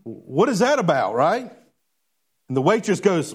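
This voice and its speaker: A man preaching a sermon to a church congregation, animated and questioning, drawing responses from the crowd. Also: sits high, unhurried, slightly rough. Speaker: pastor. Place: church before a live congregation.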